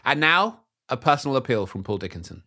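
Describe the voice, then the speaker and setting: A man's voice: mid-range voice, sing-song, brisk, sharp tone. A man with an English accent hosting a podcast, chatty and upbeat, laughing often. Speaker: podcast host. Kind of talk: casual chat.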